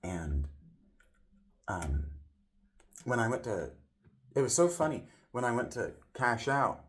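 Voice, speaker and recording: A man's voice: mid-range voice, very animated, slow. A man vlogging a casual personal story, rambling, with frequent restarts and self-corrections, and voicing other people's lines as he retells it.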